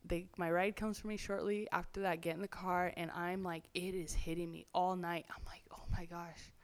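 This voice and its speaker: A woman's voice: on the low side, flat delivery, moderate pace. A young woman telling her personal testimony as an interview guest, chatty, full of "like" and "you know", acting out other people's voices.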